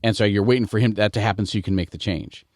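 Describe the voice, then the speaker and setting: American man, low voice, dry close mic, rambling podcast host, middle-aged. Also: steady tone, rapid-fire, no echo. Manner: rambling, digressive. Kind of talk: casual chat.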